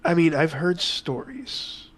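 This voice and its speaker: A man playing a tabletop game, with a sly, deadpan delivery for his character. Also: fairly high pitch, slow pace. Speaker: player.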